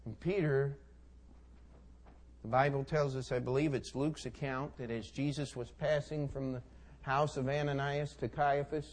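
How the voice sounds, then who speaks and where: A male preacher delivers a sermon, retelling scripture with folksy asides and dramatic swings between soft and loud. His voice is medium in pitch, with a little hiss or hum in the audio.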